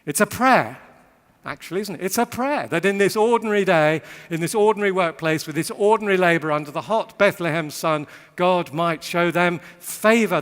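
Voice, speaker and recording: A man's voice: sits high, normal speed, fairly bright tone. A man giving a witty, rhythmic sermon talk to a live audience, repeating phrases for emphasis. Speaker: speaker giving a Bible talk. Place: large hall with long reverb. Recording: voice echoing in a large hall.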